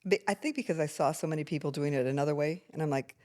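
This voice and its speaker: A woman's voice: sits low, rapid-fire. An older woman, a mother on a family podcast, telling a story and acting out the people in it. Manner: animated storyteller who acts out quoted voices.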